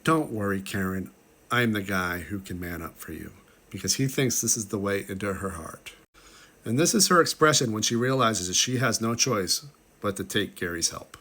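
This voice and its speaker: A man's voice: on the low side, a bit bright. A man casually breaking down a film as a reviewer, chatty and full of "like", with exasperated, incredulous asides. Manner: chatty, lots of "like", quick asides. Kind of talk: casual movie breakdown commentary.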